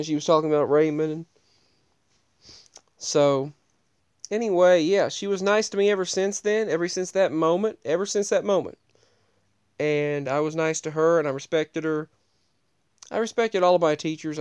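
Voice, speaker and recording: Give me a rambling man telling a casual story, his voice smooth and a bit high, with plenty of restarts. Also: a little mellow, no room sound. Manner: rambling, digressive, frequent restarts.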